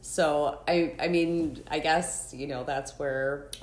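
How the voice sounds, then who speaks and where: A woman's voice: deep voice, steady tone, takes it slowly. A middle-aged woman co-hosting a podcast, chatty and laughing often. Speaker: podcast co-host. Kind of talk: casual chat. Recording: echoey room.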